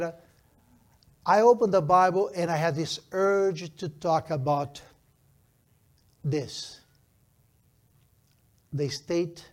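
A man in his fifties, a pastor preaching a sermon with a grandchild in his story, speaking emphatically and slowing down for key phrases with slightly non-native phrasing. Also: fairly high pitch, a little mellow.

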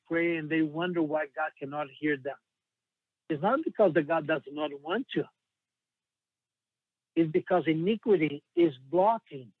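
A man preaching a sermon in an earnest, emphatic way, slowing down when he quotes scripture. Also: fairly high pitch, dry recording. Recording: tinny phone-like sound.

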